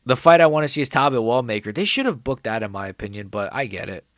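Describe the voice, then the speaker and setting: A young man chats loosely through a live reaction stream, filling his talk with "like" and "bro" at a middling pitch. His voice now and then cracks upward. The sound is dry and close, with no room around it. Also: expressive, fast talker, dry recording. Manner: rambling, filler-heavy, says "like" and "bro" often. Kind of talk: casual live reaction chat.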